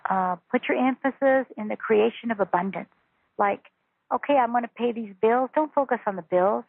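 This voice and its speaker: A woman, a spiritual teacher, talking calmly and earnestly as a guest on a phone interview. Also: fairly high pitch, breathy edge, no room sound. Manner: calm, earnest, instructive. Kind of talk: interview over a phone call. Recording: tinny phone line.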